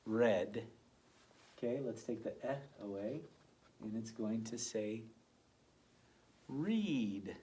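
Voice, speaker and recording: A male teacher giving an early reading phonics lesson to children, sounding out letters slowly and deliberately in a gentle, encouraging way. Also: fairly low pitch, lively intonation.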